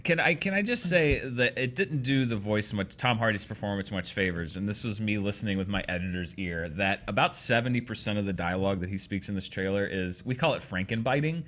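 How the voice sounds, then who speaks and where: A man's voice: lowish voice, expressive, a little fast, hardly any pauses, a bit bright. A man hosting a casual panel chat, upbeat and playful. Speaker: host.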